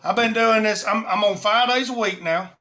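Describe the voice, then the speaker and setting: A man's voice: high-pitched, normal speed, pushed and bright. A man hosting a live stream in casual, rambling chat, with many fillers and restarts.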